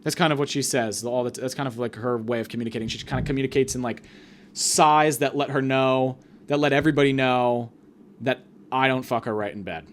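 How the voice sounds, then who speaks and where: A man hosting a podcast, rambling through a crude comedic monologue full of fillers and deadpan exaggeration. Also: mid-range voice, brisk, a little hiss or hum. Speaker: podcast host.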